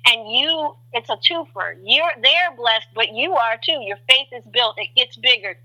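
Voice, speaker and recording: Bright-voiced woman telling a faith story. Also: a little high, a little slow, dull audio. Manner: animated storyteller, acts out quotes. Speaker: guest. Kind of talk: sharing a faith testimony in conversation.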